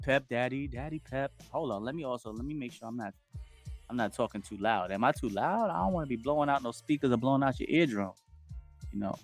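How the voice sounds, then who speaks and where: Forty-something man hosting a lively livestream. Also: mid-range voice, fast, faint music behind. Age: 40s. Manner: animated, reads chat comments aloud, hypes viewers up. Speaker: livestream host. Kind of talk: casual livestream chat with viewers. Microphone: home streaming setup with wired connection.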